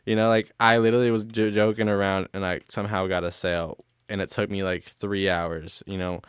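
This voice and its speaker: A young man with a lowish, smooth, clean-sounding voice tells a casual storytime. His speech rambles, heavy on "like" fillers and loose swearing. The sound is close and dry with no room echo. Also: little pitch movement, brisk.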